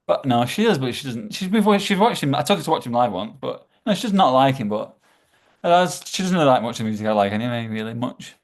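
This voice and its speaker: As a podcast guest, a man chats casually but haltingly, stumbling over words, repeating himself, and trailing off. His voice is medium-pitched and animated.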